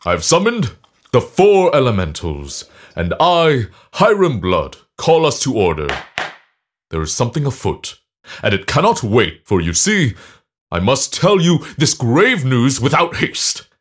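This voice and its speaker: A man's voice: mid-range voice, huge pitch swings, measured pace. A man playing a pompous, grandiose Victorian sailor and scientist who leads a secret society, with theatrical proclamations.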